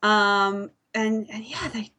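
A woman's voice: mid-range voice, extremely slow, sharp tone. A woman webcomic creator talking earnestly on a panel, reflective and full of ums. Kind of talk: casual panel chat.

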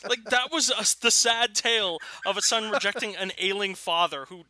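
A man co-hosting a writing podcast who chats casually and makes quick jokes. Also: sits high, bright, forceful tone, a little hiss or hum. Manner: quick, joking. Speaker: podcast co-host. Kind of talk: casual chat.

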